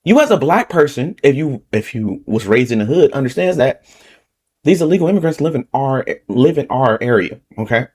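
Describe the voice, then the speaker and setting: A man's voice: mid-range voice, expressive, normal speed, darkish tone, breathy edge. A man with a Southern Californian accent hosting reaction commentary, talking heatedly and repetitively, ending points with rhetorical "okay?". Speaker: political commentary channel host.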